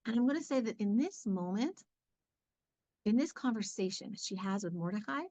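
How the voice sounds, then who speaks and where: A woman giving a conversational Bible lesson, speaking in a chatty, lively way with lots of fillers. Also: medium pitch, normal speed, no room sound, rough recording. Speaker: Torah teacher.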